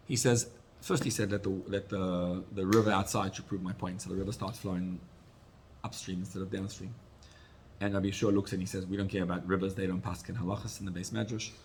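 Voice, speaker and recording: A rabbi giving a Torah class, retelling stories with animated swings between loud and soft. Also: male voice, fairly low pitch. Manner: storytelling, animated rises and drops in loudness.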